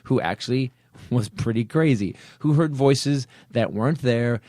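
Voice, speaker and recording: A man's voice: medium pitch, a little slow, darkish tone, dry recording, clean studio sound. A middle-aged man hosting a podcast, ranting with comic energy and acting out other people's voices in his stories. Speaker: podcast host. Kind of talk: comedic rant.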